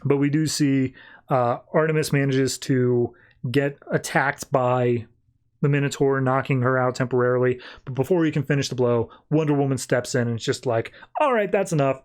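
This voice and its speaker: A man's voice: mid-range voice, fairly even intonation, moderate pace, a little mellow. A man hosting a podcast, casually recapping a comic in a chatty, rambling way full of 'like'. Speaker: podcast host.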